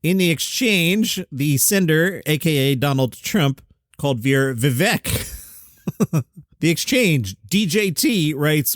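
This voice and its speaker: A man's voice: on the high side, expressive, slow, no room sound. Wry, dry-sounding man hosting comedy news. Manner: wry, chatty, ad-libs side comments. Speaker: comedy news podcast host. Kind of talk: casual news recap with jokey asides.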